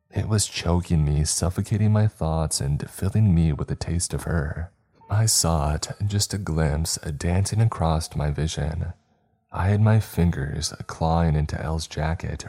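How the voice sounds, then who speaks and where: A man narrating a horror story in a steady, measured storytelling voice. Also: a bass voice, breathy edge.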